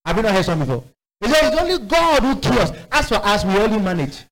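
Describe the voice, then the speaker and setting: Male preacher, high and very animated, sermon storytelling with acted-out voices. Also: fast, low-quality recording. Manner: animated storytelling, acting out voices with sudden high-pitched exclamations.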